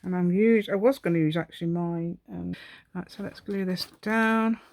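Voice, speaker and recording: A woman's voice: on the low side, fairly even intonation, normal speed, darkish tone. Chatty woman rambling through a craft tutorial. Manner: rambling, self-talking, giggly asides. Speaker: craft channel host.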